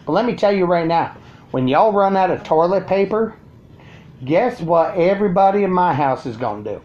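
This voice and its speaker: A man's voice: sits high, animated, moderate pace, dull audio. A man ranting crudely and sarcastically to his viewers from his home. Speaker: vlogger. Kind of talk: profane ranting monologue.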